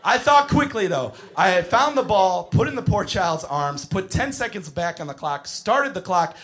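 A man in his thirties doing stand-up, telling a story in a deadpan way that bursts into shouting. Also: high voice, moderate pace. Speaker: stand-up comedian. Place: comedy club stage.

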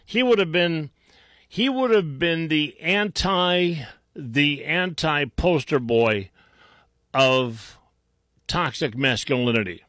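A male talk radio host in a dead-dry studio, speaking slowly and deliberately. His pitch sits a little high for a man, and his tone is scornful and mocking, full of stops and restarts. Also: lively intonation, fairly bright tone, no echo. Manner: mocking, sarcastic, with many restarts. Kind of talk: combative talk radio commentary.

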